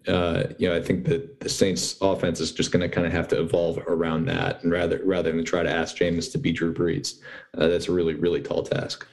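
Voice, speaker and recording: Deep-voiced sportswriter guest. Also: male voice. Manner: relaxed, filler-heavy explaining. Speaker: beat writer guest. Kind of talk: casual sports talk.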